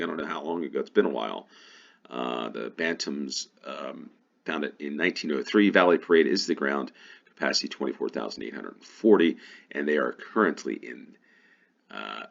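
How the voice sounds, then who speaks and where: Very deep, gravelly American man. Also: lively intonation, normal speed, highs cut off. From United States. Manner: musing aloud, thinking to himself. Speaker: gaming YouTuber. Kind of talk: casual play-along commentary.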